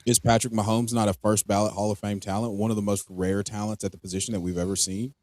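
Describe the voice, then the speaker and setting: Animated ranting man, dry sound. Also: on the low side, quick pace, no room sound. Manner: animated, ranting, swears freely. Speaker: podcast co-host. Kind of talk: casual fantasy football chat.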